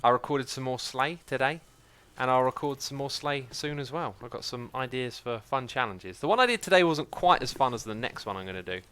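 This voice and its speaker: Bright, chatty man streaming games. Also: medium pitch, a little fast, clean tone. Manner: chatty, excitable, thinks aloud, reads chat messages out. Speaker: livestream host. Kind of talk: live gameplay commentary.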